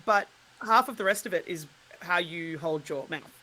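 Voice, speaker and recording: Aussie woman guest, bright sharp voice, laughs a lot, chatty. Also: fairly low pitch, normal speed, poor audio. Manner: animated, laughs often. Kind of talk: casual chat about accent work.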